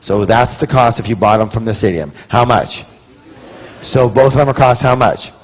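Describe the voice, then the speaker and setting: A man telling stories to a live seminar audience in an animated way, talking straight to the listeners. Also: mid-range voice, normal speed. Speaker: seminar speaker. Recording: dull lo-fi recording.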